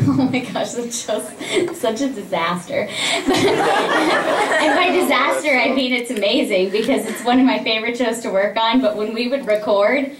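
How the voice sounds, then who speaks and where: Animated woman in an echoey far-off hall. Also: fairly high pitch, normal speed, a loud crowd. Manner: animated storyteller who acts out quoted exchanges and laughs often. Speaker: voice actress guest on a convention panel. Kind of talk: casual audience Q&A. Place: large convention panel room. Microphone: filmed from the audience by a distant camera. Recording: echoey hall recorded from far off with faint hum.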